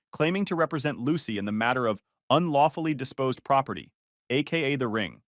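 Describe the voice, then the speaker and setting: A man narrates a first-person story in a dry, sarcastic tone, his pitch rising and falling with a lot of life. The recording is close and dry, with no room sound. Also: a bit bright, no echo.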